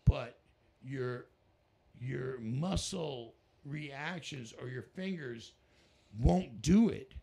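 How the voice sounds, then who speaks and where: An American man, a rock musician, telling stories in a casual interview, animated and breaking into laughter and voices. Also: drawn-out words, gravelly. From United States. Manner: animated, jumps into high-pitched voices and laughs. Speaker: musician guest.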